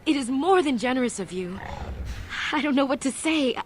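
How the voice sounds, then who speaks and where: A man putting on a meek poor woman's voice for a video game figure, pitched way up high and soft. She stammers her thanks breathlessly, quiet and humble, with a faint hum of game ambience behind. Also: expressive, fairly quick. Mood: grateful.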